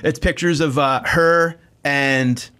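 A man's voice: on the high side, slow, smooth. A man telling a comic story in casual chat, acting out the other people in it and laughing as he goes. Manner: animated storyteller acting out quoted voices, laughs often. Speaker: comedian guest.

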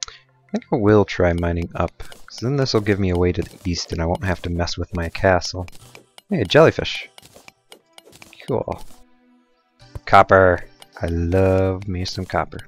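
A young man talks through his gameplay in a relaxed, rambling way. His voice sits deep and low, and he drifts into goofy, self-mocking asides. Faint music plays softly behind him. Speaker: let's play gamer. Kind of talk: casual gameplay commentary.

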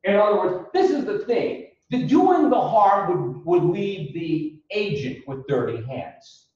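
A male lecturer speaks in an unhurried, high, highly expressive voice. He is heard from a distance through a dull, lo-fi recording. The classroom around him is very echoey. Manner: animated, acts out quotes with raised voice. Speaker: ethics lecturer.

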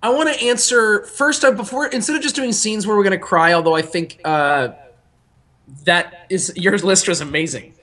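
A young man co-hosting a podcast, talking casually in a rambling, animated way that often breaks off and restarts. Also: sits high, normal speed. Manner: rambling, self-interrupting, animated. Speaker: podcast co-host.

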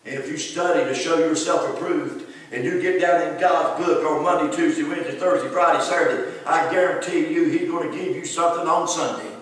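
A man's voice: on the high side, fairly even intonation, a little fast, few pauses. A man preaching a sermon, emphatic and calling out listeners by name. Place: church. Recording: echoey hall from far off.

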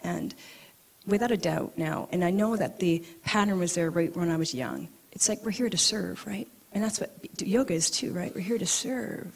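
A woman's voice: fairly low pitch, normal speed, vocal fry, slightly rough. A woman acupuncturist giving a personal storytelling talk at an event, laughing and acting out the people in her stories. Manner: animated, laughing storyteller who acts out quotes. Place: event venue.

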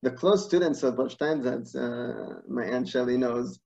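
Man, online class, storytelling, animated, searching for words, dull video call audio. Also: mid-range voice, a little slow, gravelly. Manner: animated, laughs at his own stories, searches for words. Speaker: teacher.

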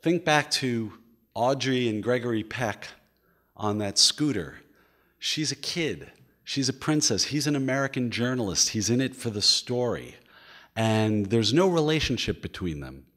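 Animated man giving a museum lecture. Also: mid-range voice, measured pace. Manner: animated and enthusiastic, with many repeats and fillers.

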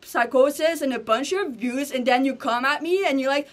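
Young woman talking to her camera, kinda high voice, rambles on and restarts a lot. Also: moderate pace, hardly any pauses. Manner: rambling, stream-of-consciousness talk with restarts. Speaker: vlogger. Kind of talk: unscripted monologue to camera.

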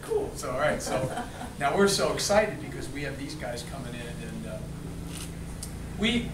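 A man casually telling a lively anecdote to a group, acting out quotes and laughing along. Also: medium pitch, heavy background noise. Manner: animated, laughing, acts out quotes. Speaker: storyteller recounting a memory. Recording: echoey room, distant mic, crowd behind.

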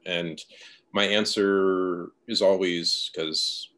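A man's voice: deep voice, measured pace. A man, a novelist, speaking thoughtfully and personally as the guest in a conversational interview. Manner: thoughtful, soft-spoken, personal.

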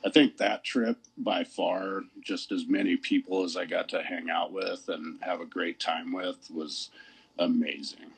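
A man's voice: low voice, steady tone, measured pace, gravelly, husky, rough recording. A man, a tattoo artist guest, telling stories in a laid-back, casual way and swearing often. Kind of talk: casual conversation.

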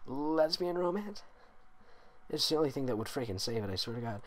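A man's voice: medium pitch, rapid-fire. A man doing a comedic reading of a bad fan story, mocking it with sarcastic asides that swing from mumbles to outbursts. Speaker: fanfic reader and voice actor. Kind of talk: comedic dramatic reading with commentary.

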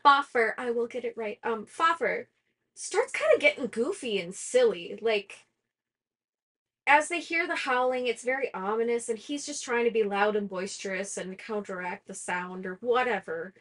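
A woman's voice: fairly high pitch, animated, normal speed, fairly bright tone. A young woman hosting a book discussion, retelling a fantasy plot in a casual, chatty way full of "like" fillers and self-aware laughter. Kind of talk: casual plot summary chat.

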